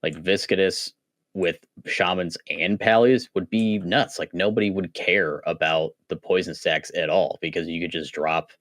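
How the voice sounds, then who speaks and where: A man's voice: sits low, steady tone, moderate pace, a bit bright, no echo, clean studio sound. A man chatting casually as a podcast guest, eager and full of "like" fillers and restarts. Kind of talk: casual chat.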